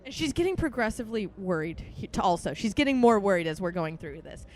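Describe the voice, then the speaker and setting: There's a little hiss or hum as a woman in her twenties talks quickly in a medium-pitched voice. Hosting her relaxed podcast, she tells a lively story, cursing freely and acting out each quote.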